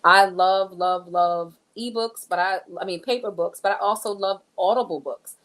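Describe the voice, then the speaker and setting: A woman's voice: mid-range voice, normal speed, fairly bright tone. A woman co-hosting a church sermon recap, chatting with viewers and checking in with "right?" and "all right.". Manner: nerdy, enthusiastic about books. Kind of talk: casual church recap talk.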